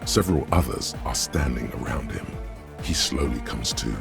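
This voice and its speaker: A man giving scripted narration for a video game, measured and literary. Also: rumbling low, animated, music in the background, heavily acted. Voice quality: gravelly.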